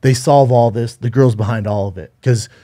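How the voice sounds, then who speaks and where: Man, podcast co-host, mellow relaxed tone, rambling casual storytelling, swears, restarts sentences. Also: medium pitch, moderate pace. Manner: rambling, profane, with frequent restarts.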